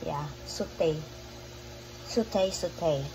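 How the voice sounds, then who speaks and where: A woman's voice: low voice, very slow, creaky. Chatty woman cooking in a noisy kitchen. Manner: chatty, meandering, repeats herself. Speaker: cooking vlogger. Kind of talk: casual cooking vlog. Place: home kitchen. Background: chopping and pan sounds.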